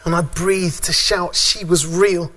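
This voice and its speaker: A man performing a spoken word poem at a conference, reciting in a rhythmic way with long dramatic pauses. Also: sits high, fairly even intonation, a bit bright. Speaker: father speaking at a conference.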